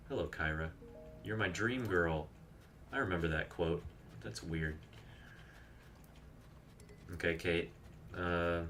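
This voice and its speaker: Male streamer, deep voice, chatty and rambling, casual live gameplay talk. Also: pushed and bright, a little hiss or hum. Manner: chatty, rambling, reads chat aloud and explains game tricks.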